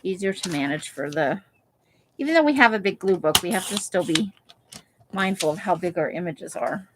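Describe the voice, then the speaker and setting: A woman's voice: fairly low pitch, expressive, normal speed, background noise. A woman hosting a live craft session, chatting casually and thinking aloud while she cuts pictures from magazines. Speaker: craft livestream host. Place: home craft room, Las Vegas.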